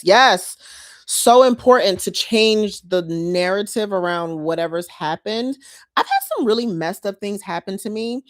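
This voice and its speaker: Low-voiced woman vlogging. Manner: chatty, heartfelt, addresses viewers as y'all. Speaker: lifestyle vlogger. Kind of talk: casual chat to viewers.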